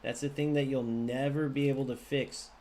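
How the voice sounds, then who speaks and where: A man talking over a football video game as he plays, ranting at his viewers. His voice sits at an ordinary middle pitch, and he argues in a fired-up, conversational way, turning to the audience again and again to press his point. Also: steady tone, moderate pace, warm tone. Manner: ranting, argumentative, addresses viewers directly. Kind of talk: live gameplay commentary.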